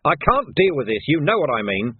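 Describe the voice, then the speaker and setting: Man doing a gruff watch commander, exasperated, husky, tinny phone-like sound. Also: a little high, very animated, a little fast, voice pushed up. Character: angry, weary male city watch commander.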